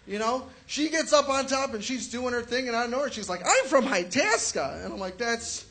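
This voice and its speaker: A young man from the Chicago area does a stand-up comedy set of crude, profane stories, acting out quotes. His very high-pitched voice is lively and fairly bright at a moderate pace, with slight background noise.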